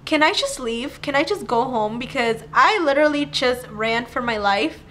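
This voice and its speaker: A young woman telling a personal story to camera in a chatty, animated way, with "like" all through her talk. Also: sits high, normal speed, a little hiss or hum. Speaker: vlogger. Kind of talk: casual storytime.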